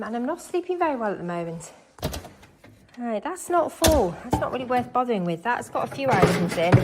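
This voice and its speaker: A woman's voice: fairly high pitch, background noise. A woman chatting casually while she cleans her house, a bit out of breath and scattered as she narrates each task. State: slightly out of breath. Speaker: home cleaning vlogger. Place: house, indoors.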